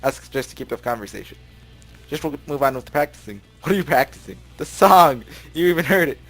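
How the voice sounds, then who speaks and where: Male let's-play host, average pitch, reads game text with offhand asides over soft game music. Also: animated, fast talker. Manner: chatty, laughs often, stumbles over words. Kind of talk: reading a visual novel aloud with casual asides. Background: game music playing.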